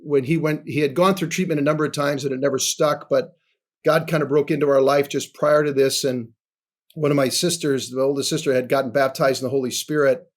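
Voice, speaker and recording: A man in his sixties, a podcast guest sharing a personal testimony in an earnest storytelling way, often dropping soft and low. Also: steady tone, fairly quick. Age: 60s.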